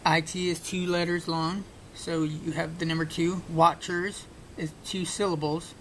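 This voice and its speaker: Flat in delivery and fairly bright in tone, the puzzle video creator moves at a measured pace as he thinks through a puzzle on screen. His casual commentary is full of fillers and restarts, and the low-quality recording has a faint rumbling noise underneath.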